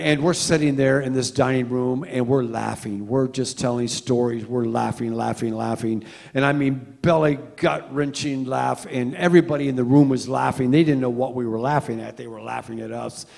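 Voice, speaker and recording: A middle-aged man preaching a sermon as a pastor, telling stories with animated swings from loud to hushed. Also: medium pitch, vocal fry, long reverb tail. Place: church sanctuary.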